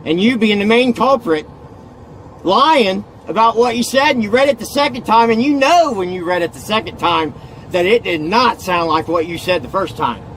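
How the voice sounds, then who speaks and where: Agitated man, high voice, rambling self-filmed rant with light background hiss. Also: animated, normal speed, a bit bright, low-quality recording. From Indiana. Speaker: arrested man ranting on video.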